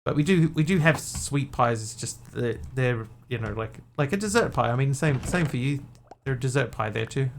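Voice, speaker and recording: A man's voice: mid-range voice, lively intonation, moderate pace, vocal fry, hardly any pauses, slight background noise. A man from New Zealand chatting casually to viewers while he plays a game live, rambling a little and restarting his sentences. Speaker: streamer. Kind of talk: casual live-stream chat while gaming.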